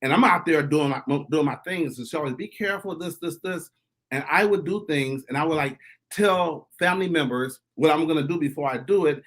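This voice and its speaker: Excitable man on a panel call. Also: on the high side, fairly quick. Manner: excited, repeats words when starting. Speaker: panel guest. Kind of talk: casual panel chat.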